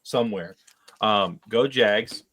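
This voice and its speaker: A man's voice: on the low side, slow, a bit bright. A man co-hosting a casual sports podcast, joking and cursing playfully. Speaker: podcast co-host.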